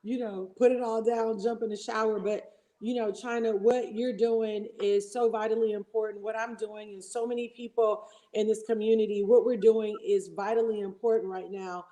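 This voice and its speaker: A woman's voice: mid-range voice, flat delivery, normal speed, dark tone, rough recording. A woman guest on a casual livestream, talking enthusiastically and at length in a preacherly way. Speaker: guest co-host.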